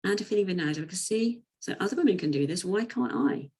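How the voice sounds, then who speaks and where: A woman's voice: lowish voice, expressive, fast talker, mellow, breathy edge, low-quality recording. A woman coach giving a chatty, informal presentation talk, with frequent ums. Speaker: women's coach.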